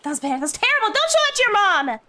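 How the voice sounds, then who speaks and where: Young woman, streamer, casual chat, high pitch, playful, flustered. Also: sing-song, very fast, background noise. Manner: playful, flustered, laughs often.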